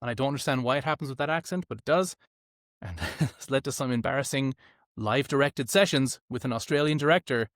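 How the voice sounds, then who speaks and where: A man's voice: medium pitch, brisk, no room sound, studio quality. A man who works as an audiobook narrator, chatting casually and telling stories about himself in a self-deprecating way. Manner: self-deprecating, animated storyteller. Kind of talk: casual long-form conversation.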